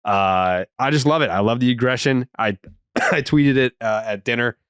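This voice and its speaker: A man hosting a casual sports podcast, telling stories with animated, profane enthusiasm. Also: medium pitch, moderate pace, clear, resonant tone, no echo, clean studio sound. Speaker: podcast host.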